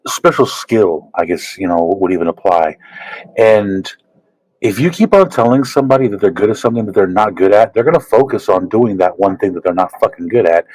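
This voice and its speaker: A man co-hosting a casual comedy podcast, talking in a halting way with repeated words and profanity. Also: on the low side, a little mellow, dry recording, rough recording. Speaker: podcast co-host.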